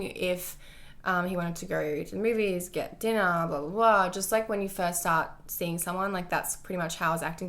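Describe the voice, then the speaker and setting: A woman's voice: on the low side, a bit bright. A young woman telling a personal storytime to her vlog viewers, candid and full of "like" fillers and swearing. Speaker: vlogger.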